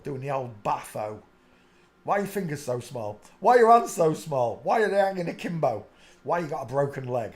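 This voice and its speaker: A man's voice: mid-range voice, vocal fry, a little mellow. A man hosting a live stream, mocking photos he is looking at and often breaking into giggles. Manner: mocking, bursts into giggling laughter. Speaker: streaming channel host. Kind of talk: comedic live-stream commentary.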